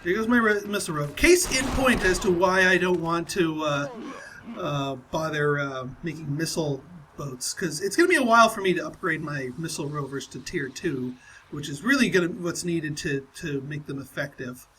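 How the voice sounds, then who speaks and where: A man's voice: fairly high pitch, moderate pace, sharp tone, slight background noise, poor audio. A man casually commentating his own strategy game playthrough, chatty and full of fillers and restarts. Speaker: gameplay commentator.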